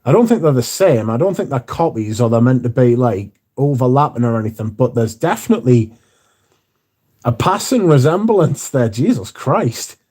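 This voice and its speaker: A man hosts a casual livestream, reading viewer comments from the chat aloud and answering them while swearing casually. His mid-range voice is warm, with big pitch swings and a moderate pace.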